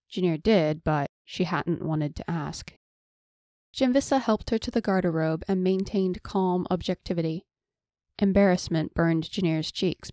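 A woman narrating a fantasy audiobook in measured, scripted storytelling. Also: on the low side, mellow, no room sound, clean studio sound.

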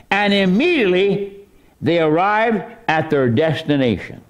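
Animated preaching man with lively pitch. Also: measured pace. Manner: animated preaching, voice surging high for emphasis. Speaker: pastor. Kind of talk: sermon. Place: church.

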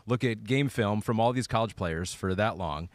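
A man's voice: lowish voice, normal speed, no room sound. A man with a Michigan accent hosting a sports podcast, reading listener questions in an easygoing, teasing way. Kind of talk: casual sports podcast chat.

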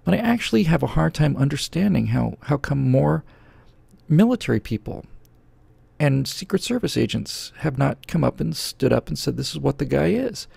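A man's voice: on the high side, sing-song, normal speed, gravelly, a little mellow, husky, no echo. A middle-aged man hosting a show, answering viewer questions in a sarcastic, opinionated political rant close to a studio microphone. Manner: sarcastic, ranting, jumps into mocking voices.

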